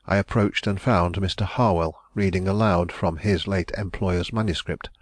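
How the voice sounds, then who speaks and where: Man, audiobook narrator, deep voice, measured, solemn, dry recording. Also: no room sound.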